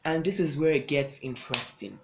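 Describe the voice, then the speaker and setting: A young vlogger tells a personal story to camera, leaning hard into every beat with emphatic repeats. The voice is mid-pitched, and the phrasing is loose and casual. A faint ambient hum sits behind the voice. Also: lively intonation, a little fast, vocal fry. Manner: dramatic, emphatic storytelling with lots of repetition.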